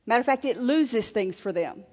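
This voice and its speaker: A woman's voice: a little high, expressive, normal speed, darkish tone. A woman minister giving an earnest sermon at a marriage seminar, with frequent restarts. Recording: lo-fi recording in a reverberant hall.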